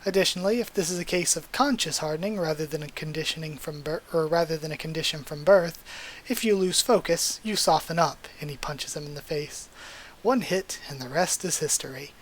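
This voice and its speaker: A manga reader voicing a blunt, rough older male vigilante brawler. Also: mid-range voice, a little fast, lightly acted. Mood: gruff. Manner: blunt, rough, self-assured.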